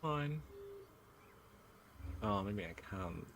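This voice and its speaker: A man giving excitable let's play commentary, cooing at the baby creatures in his game. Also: lowish voice, very slow, very noisy. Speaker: gaming channel host. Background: game music.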